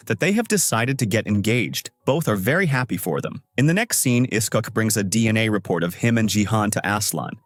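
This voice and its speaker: A man narrating a drama recap in a scripted style, reading all the characters' lines in his own voice. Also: no room sound. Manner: reads every character's lines in his own voice, lively pitch.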